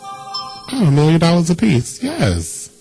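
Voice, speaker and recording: A man's voice: fairly high pitch, wildly swooping pitch, takes it slowly, gravelly, mellow, soft background music, low-quality recording. A man hosting a casual internet radio show, reading news items and joking with a caller. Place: radio studio.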